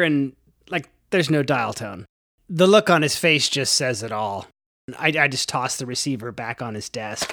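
A man's voice: on the high side, sharp tone. A young man narrating a first-person memoir in a loose, conversational way, full of fillers and swearing. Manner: conversational, heavy fillers, profane.

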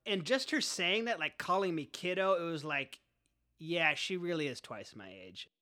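Young guy spinning a story, bright voice, chill and slangy. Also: a little high, lively intonation, moderate pace. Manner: laid-back, slangy, wry. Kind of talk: first-person storytelling monologue.

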